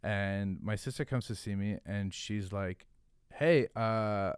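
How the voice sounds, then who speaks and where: A young man telling a story in casual podcast talk, animated and profane, with lots of fillers. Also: fairly low pitch, unhurried, clear, resonant tone, no echo, clean studio sound. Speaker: podcast guest, hot sauce founder.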